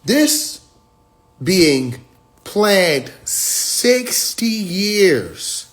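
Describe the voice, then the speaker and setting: High-voiced man preaching on a livestream. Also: big pitch swings. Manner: loose, preachy and emphatic, profane slang, quick bursts and drawn-out pauses. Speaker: livestream host. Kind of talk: casual livestream monologue.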